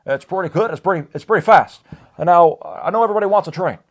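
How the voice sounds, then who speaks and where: A man doing an impression of a former male president, speaking with measured pauses and many uhs. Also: high voice, expressive, voice pushed up. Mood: reassuring. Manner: halting speech-style pauses with many uhs.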